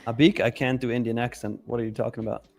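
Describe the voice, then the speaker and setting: A man in his thirties co-hosting a live trading stream, relaxed and jokey as he talks to the chat. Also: mid-range voice, fast, soft background music. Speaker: co-host of a live trading show. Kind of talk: casual live-stream banter.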